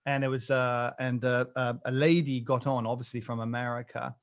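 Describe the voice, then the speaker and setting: British dude rambling about coffee, lots of uhs and restarts, a bit muffled. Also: male voice, mid-range voice, level tone, brisk. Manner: rambling, joking, with many fillers and restarts. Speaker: coffee podcast co-host. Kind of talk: casual chat.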